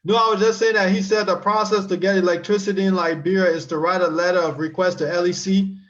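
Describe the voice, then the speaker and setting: A man on a talk show, reading viewer comments and answering them in an animated way, with a lot of restarts. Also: sits high, fast talker, dull audio. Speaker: guest expert.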